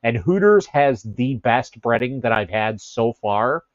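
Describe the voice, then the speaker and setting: In an unhurried, expressive mid-range voice, this man hosts a casual livestream from the Chicago area and chats with the people in his chat. He drifts from point to point, interrupts himself, and laughs often, on a dry, dull-sounding recording.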